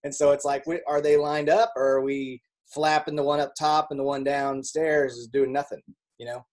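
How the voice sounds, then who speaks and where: A man's voice: fairly high pitch, little pitch movement, moderate pace, darkish tone. A man leading a team call, talking in an upbeat, encouraging way with frequent restarts. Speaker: team leader hosting a group call. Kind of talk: casual motivational chat.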